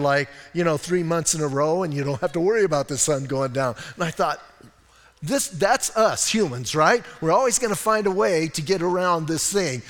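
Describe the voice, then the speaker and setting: Man, pastor, sermon, conversational storytelling, fairly high voice, reverberant church hall. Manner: conversational, self-deprecating, animated storytelling. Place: church sanctuary.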